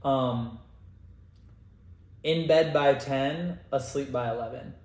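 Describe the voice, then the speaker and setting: A young man talks in a loose, rambling way about himself. His voice sits at a middle pitch. The room around him echoes. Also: takes it slowly, darkish tone. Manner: rambling, laid-back, self-deprecating. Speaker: co-host. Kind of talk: casual chat. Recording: roomy echo.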